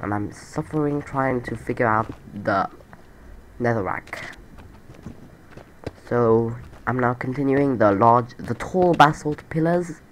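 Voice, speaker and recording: A let's play creator with a stuffy, nasal voice rambles casually over his game build, repeating himself and poking fun at himself. His voice is medium-pitched, slow, and marked by long pauses and a little hiss or hum.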